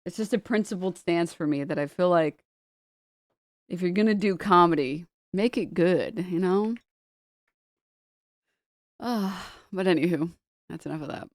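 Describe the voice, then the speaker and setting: A woman's voice: on the low side, unhurried, pauses often, no echo, studio quality. A woman streamer chatting casually, reading posts aloud and swearing a lot as she laughs.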